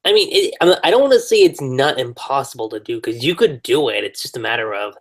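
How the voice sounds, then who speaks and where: A man guesting on a casual podcast, talking in a hesitant, halting way. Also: mid-range voice, animated. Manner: hesitant, halting, restarts sentences.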